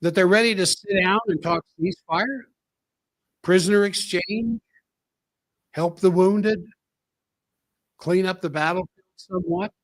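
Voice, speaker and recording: A man's voice: high-pitched, measured pace, long pauses, no room sound, low-quality recording. A man hosting a solo commentary show, talking in an emphatic way and repeating key phrases for effect. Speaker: political commentary host.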